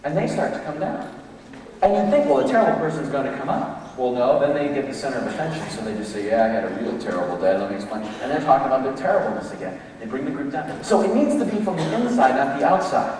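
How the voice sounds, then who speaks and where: A man giving a lively motivational leadership talk to a live audience, acting out the voices of people in his examples. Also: fairly high pitch, fast, slight background noise. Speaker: motivational speaker. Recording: echoey hall, mic from a distance.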